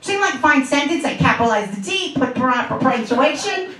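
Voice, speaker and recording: A woman in her fifties from Long Island, New York, performs a brash, profane stand-up set on a comedy club stage, telling stories conversationally. Her voice sits high, with lively intonation, a brisk pace and a sharp tone. A distant mic picks up the echoey club.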